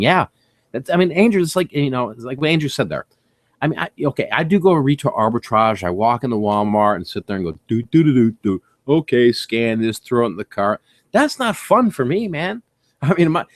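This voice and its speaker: An excitable middle-aged man chats casually on a livestream, his pitch leaping around as he acts out his own reactions. He laughs often and swears freely. The sound is dry and close, with no room around it. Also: no room sound. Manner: excitable, animated storytelling with acted-out reactions. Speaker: livestream host.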